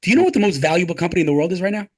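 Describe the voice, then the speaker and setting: A man's voice: high voice, lively intonation, rapid-fire, a little mellow. A man talking passionately as an interview guest, emphatic and full of rhetorical questions and repeated phrases. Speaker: guest, tech advocate.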